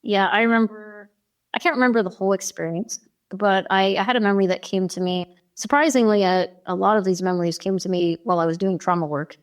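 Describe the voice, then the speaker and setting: A woman who is a podcast guest, telling a personal story in an animated way with many fillers. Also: medium pitch, fast talker. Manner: animated, many fillers, acts out quoted dialogue.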